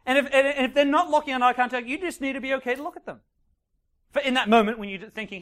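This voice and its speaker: A man giving a lively seminar talk to a room of listeners. He acts out scenes as he goes and keeps checking in with the crowd. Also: extremely high pitch, quick pace. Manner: animated, acts out scenes, frequent checks like "right?" and "okay?". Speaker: dating coach. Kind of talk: live seminar talk to an audience.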